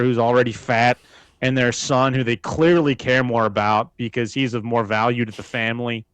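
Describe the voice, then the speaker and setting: A man co-hosting a podcast in casual chat, crude and mocking, animated and loose. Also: medium pitch, smooth, no echo. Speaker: podcast co-host.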